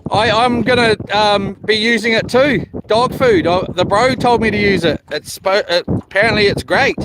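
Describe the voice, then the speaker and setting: High-voiced New man on a boat. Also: moderate pace. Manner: laid-back, rambling, swears casually, greets viewers by name. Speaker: livestreaming fisherman. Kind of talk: casual live stream chat. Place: small houseboat on the water. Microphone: phone. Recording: noisy outdoor phone live stream.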